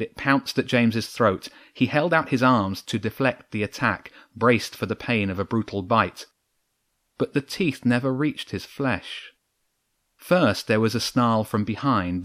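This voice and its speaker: With a fairly low voice, a man narrates a storybook at a steady, measured pace. He keeps even control of the scripted prose through the action, and the sound is dry and clean, like a studio.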